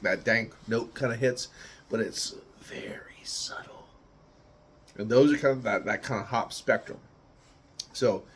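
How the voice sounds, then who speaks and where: A man's voice: medium pitch, slight background noise. A man from the United States giving a casual, rambling beer tasting review, searching for words and swearing now and then.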